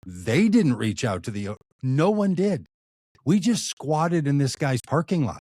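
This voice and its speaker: A man, an activist and author, telling a relaxed anecdotal story as a podcast guest, trailing off into low asides. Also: unhurried, no echo, studio quality. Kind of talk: storytelling in conversation.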